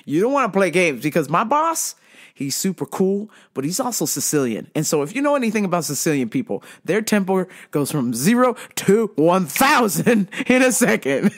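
Middle-aged woman, lively storyteller, animated pitch, salty language. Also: normal speed. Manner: animated, acts out customer's lines; swears freely. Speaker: podcast host. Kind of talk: storytelling anecdote.

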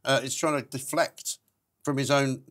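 A man hosting a casual panel chat, wry and quick with his points. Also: medium pitch, level tone, fairly bright tone. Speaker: talk show host.

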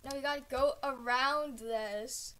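Woman gaming host, high bright voice, teasing coach. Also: steady tone, a little slow. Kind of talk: casual gaming chat.

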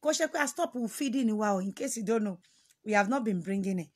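A woman's voice: mid-range voice, expressive, fast, slightly rough. A woman hosting a casual livestream on her phone, telling stories dramatically with sudden exclamations and switching between Yoruba and English. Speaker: livestream host.

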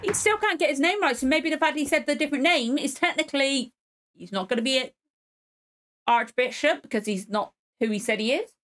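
A woman's voice: high voice, expressive, fairly quick, a bit bright. A woman hosting a reaction video, chatting casually and exclaiming as she watches.

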